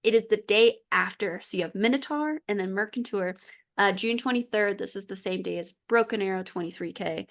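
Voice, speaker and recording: A woman's voice: mid-range voice, brisk. A woman co-hosting a podcast in casual chat, chatty, with frequent laughs and fillers. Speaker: podcast co-host.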